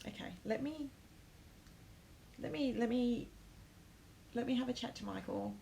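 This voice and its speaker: Woman, live-stream host, gravelly voice, emotional, lots of ums, casual chat to viewers. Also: on the high side, a little slow, dark tone, slight background noise, rough recording. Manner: emotional, many ums, talks to comments.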